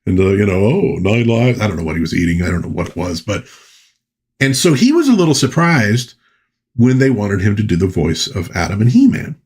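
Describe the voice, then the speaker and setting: A man's voice: on the low side, wildly swooping pitch, brisk, darkish tone, slightly rough. A man hosting a pop culture show, talking in a rambling, folksy way with lots of asides. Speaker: podcast host. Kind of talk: casual pop culture commentary.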